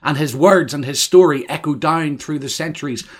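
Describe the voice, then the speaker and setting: A man's voice: on the high side, normal speed, breathy edge. A man preaching a solemn sermon on grief, reading scripture aloud and crying out its laments with rising force. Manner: solemn, swells loudly on lament quotations.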